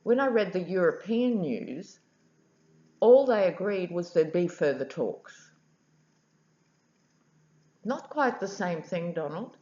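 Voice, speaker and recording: Slow low-voiced woman. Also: animated, mellow, reverberant. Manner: wry and chatty. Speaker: tarot reader. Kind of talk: casual vlog storytelling. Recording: dull lo-fi audio.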